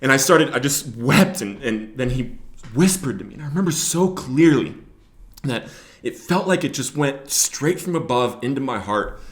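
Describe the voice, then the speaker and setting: Speaking at normal speed in an expressive, medium-pitched voice, this young host recounts his own addiction and recovery to the camera, his emotion sometimes breaking into loud shouting. He's in the Billings, Montana area, and the room is echoey.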